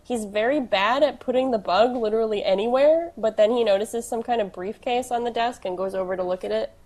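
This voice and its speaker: A woman's voice: a little high, fairly quick, a little mellow. A woman co-hosting a podcast, recapping an episode in casual chat, teasing and laughing often. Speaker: podcast co-host.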